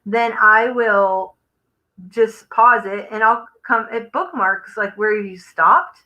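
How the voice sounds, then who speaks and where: Taking it slowly, a woman speaks in a bright, forceful, medium-pitched voice while hosting a live crafting stream. She chats casually, thinks aloud as she works, and trails off. The audio quality is poor.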